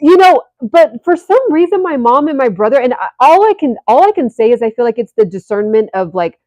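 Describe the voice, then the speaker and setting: Chatty woman telling a story, fairly high voice. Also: fairly quick, no room sound, highs cut off. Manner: animated, rambling with many fillers and restarts. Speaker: vlogger. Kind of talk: casual storytelling to viewers.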